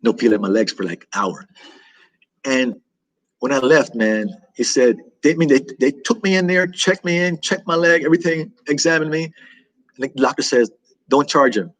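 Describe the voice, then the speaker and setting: Husky, worn-out man chatting on a livestream. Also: medium pitch, normal speed, poor audio. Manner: rambling and repetitive, with many restarts and fillers. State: worn out, recovering from illness. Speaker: travel vlogger hosting a livestream. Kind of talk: casual livestream chat.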